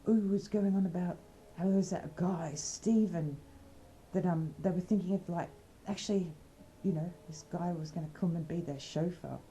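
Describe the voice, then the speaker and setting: Australian woman, low mellow voice, rambling cheeky comic chat. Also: normal speed, slight background noise, poor audio. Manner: rambling, cheeky, bawdy humor. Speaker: comedy skit presenter. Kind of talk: casual comedic chat.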